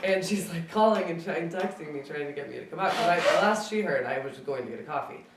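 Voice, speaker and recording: Casual storyteller, mid pitch, heard from across a roomy space. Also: quick pace, distant mic, background noise. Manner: chatty, acts out quoted dialogue, many fillers of "like". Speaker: speaker sharing a memory at a gathering. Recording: roomy sound from away from the mic.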